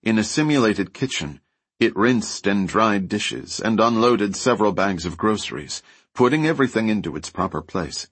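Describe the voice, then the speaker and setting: Low husky guy narrating a novel, lively ups and downs, dry close sound. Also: moderate pace, dry recording. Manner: lively storytelling, voices characters lightly. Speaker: audiobook narrator. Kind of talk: scripted narration.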